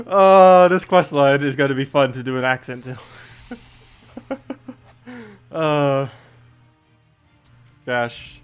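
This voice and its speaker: Lively, chatty male game streamer. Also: a little high, smooth, faint music behind. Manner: chatty, laughs often, quick reactions. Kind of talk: casual live-stream commentary.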